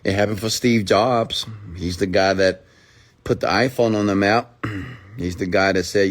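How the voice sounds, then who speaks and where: Emphatic low-voiced motivational speaker. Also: male voice, slow, pauses often. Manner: emphatic, repetitive, asks rhetorical questions. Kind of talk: motivational rant.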